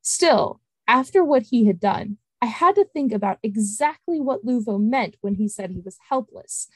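A woman podcast host reading an excerpt of her fantasy novel in steady, clear storytelling. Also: a little high, moderate pace, dry recording.

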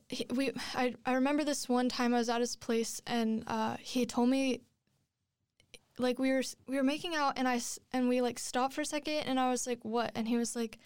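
Young woman rambling through a story, lotsa likes, bit high, smooth clear voice, dry mic. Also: dry recording. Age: 20s. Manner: rambling, many likes and restarts. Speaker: guest telling a personal story. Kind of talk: casual storytelling chat.

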